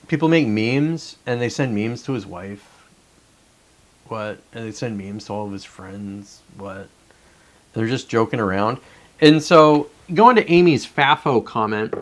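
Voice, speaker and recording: A man's voice: mid-range voice, a bit bright. A man hosting a casual live stream, rambling and swearing as he reads chat comments aloud and reacts to them.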